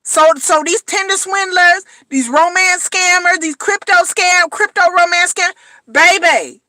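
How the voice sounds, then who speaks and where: High bright blunt woman commentator. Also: unhurried, no room sound. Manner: blunt, emphatic, slangy, repeats phrases. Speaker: reality TV commentator. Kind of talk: casual commentary vlog.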